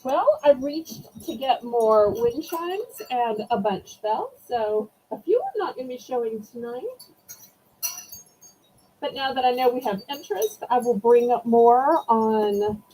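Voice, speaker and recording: Southern-accented woman, live-stream auction host, high and very animated, bubbly and chatty with viewers. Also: a little slow, slight background noise, low-quality recording. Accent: Southern American. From Southern United States. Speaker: online auction seller.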